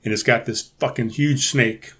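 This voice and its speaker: A man's voice: mid-range voice, fairly even intonation, moderate pace, pushed and bright, slightly rough. A man hosting his own podcast in a casual solo chat, rambling and swearing freely into a podcast microphone. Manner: rambling and profane, with many restarts. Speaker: podcast host.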